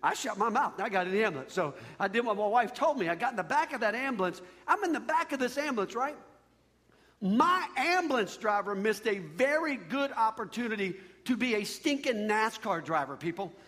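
A man doing stand-up comedy, telling a story in an animated way and yelping up high on his punchlines. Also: brisk. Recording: long hall reverb.

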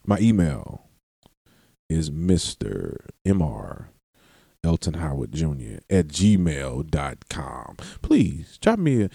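A man's voice: low-pitched, big pitch swings, slow, gravelly, warm tone, husky, no echo, clean studio sound. A man hosting a solo podcast, long-winded and rambling, often breaking off his sentences and laughing as he goes. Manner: long-winded, self-interrupting, laughs and curses. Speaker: podcast host.

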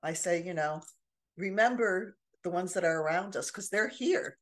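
A woman's voice: fairly low pitch, moderate pace. Older woman telling earnest stories. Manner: storytelling, earnest, many restarts. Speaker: podcast co-host. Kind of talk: casual chat.

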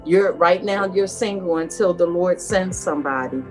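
A woman's voice: lowish voice, normal speed, darkish tone, soft background music. A woman giving spiritual advice in an emphatic preaching manner, quoting scripture from memory and repeating her key words. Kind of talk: faith talk, preaching.

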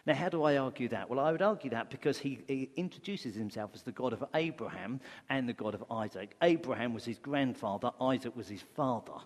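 A man's voice: medium pitch, fairly quick, few pauses. A man preaching a sermon as pastor, conversational, asking rhetorical questions. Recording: long hall reverb.

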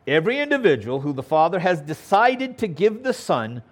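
A man's voice: fairly high pitch, big pitch swings, moderate pace, few pauses. A man preaching a verse-by-verse Bible teaching sermon, stressing key words and often checking in with "okay?". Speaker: pastor.

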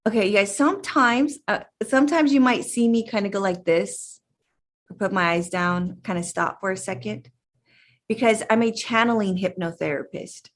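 A woman hypnotherapist in casual talk to her viewers, chatty and emphatic, pausing now and then to gather her thoughts. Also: medium pitch. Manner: chatty and emphatic, addresses listeners directly. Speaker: channeling hypnotherapist.

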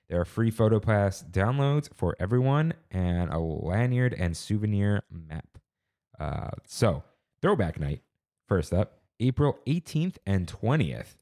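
A man with a fairly low voice co-hosts a laid-back podcast. He reads headlines aloud and breaks off into wry, incredulous asides. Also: warm tone. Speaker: podcast co-host. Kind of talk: casual chat and reading headlines.

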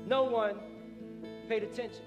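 A man preaching a sermon as pastor, animated, acting out the people in the story. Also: high-pitched, measured pace. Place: church sanctuary. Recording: echoey hall with music.

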